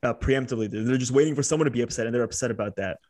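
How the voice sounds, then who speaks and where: Fast-talking rambling male podcaster. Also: medium pitch, darkish tone. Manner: rambling, full of fillers, swearing. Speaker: podcast co-host. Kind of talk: casual sports chat.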